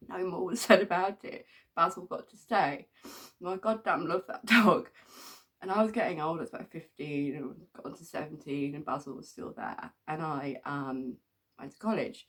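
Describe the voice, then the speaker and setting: A woman's voice: low voice, a bit bright. A middle-aged woman from England telling rambling stories in a casual, chatty way, with many ums and frequent laughs. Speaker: vlogger. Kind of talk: casual storytelling.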